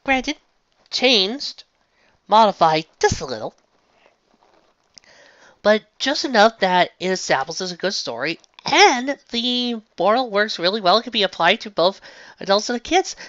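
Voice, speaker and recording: Chatty woman with a lively voice. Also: a little slow, no echo, lo-fi sound. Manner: chatty, easygoing, with lively swings in pitch. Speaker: episode reviewer. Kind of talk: casual review chat.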